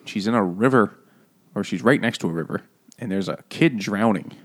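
A man's voice: fairly low pitch, moderate pace. A man co-hosting a casual book-club podcast over beer, retelling a plot with swearing and jokes. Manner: profane, joking, lively retelling of a plot. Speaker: podcast co-host.

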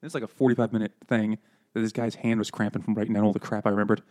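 Guy on a podcast rattling off a story fast, mellow low-key tone, keeps cracking up. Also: level tone. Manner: rambling anecdote, laughing, acting out quotes. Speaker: podcast co-host. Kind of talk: casual chat, storytelling.

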